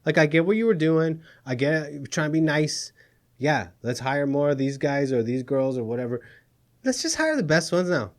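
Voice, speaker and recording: A man's voice: a little high, lively intonation, normal speed. A man hosting a satirical news show, sarcastic and exasperated, often laughing at his own jokes. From Middle East. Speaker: comedy news host.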